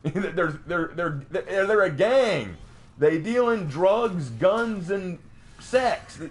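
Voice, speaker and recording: A man streaming a game, ranting casually in an animated, mocking way, with frequent restarts and stammered repeats. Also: high voice, drawn-out words, soft background music.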